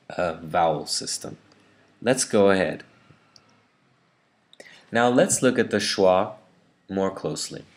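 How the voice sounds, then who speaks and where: Slow, low-voiced American teacher. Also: male voice. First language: English. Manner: careful, demonstrates words slowly. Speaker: English teacher. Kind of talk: pronunciation video lesson.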